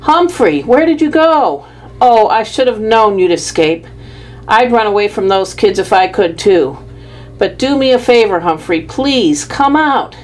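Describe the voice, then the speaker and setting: A woman's voice: mid-range voice, expressive, measured pace, darkish tone, voice pushed up, lightly acted. A woman voicing a flustered father who is a school principal, pleading and then firm with his children.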